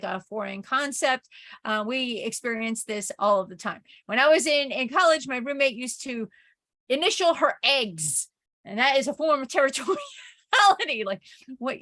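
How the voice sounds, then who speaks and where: Woman professor, higher-pitched voice, loose chatty lecture delivery, tells stories. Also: fairly bright tone. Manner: chatty anecdotal storytelling with frequent "like" and "right?". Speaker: communication professor. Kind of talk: informal recorded lecture.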